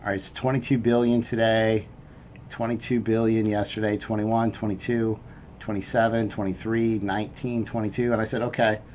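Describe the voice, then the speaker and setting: A man's voice: fairly low pitch, flat delivery, normal speed, a little mellow, a little hiss or hum. A man hosting a crypto trading video, walking through price charts in a chatty, upbeat, casual way. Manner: chatty and upbeat, peppered with "right?" and "you know".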